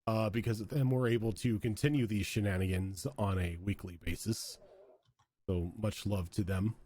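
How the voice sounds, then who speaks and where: A man's voice: lowish voice, fairly even intonation, moderate pace, dark tone. A man hosting and running a tabletop game, wrapping up a session in casual, rambling chat. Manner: chatty, rambling with fillers. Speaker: game master and host.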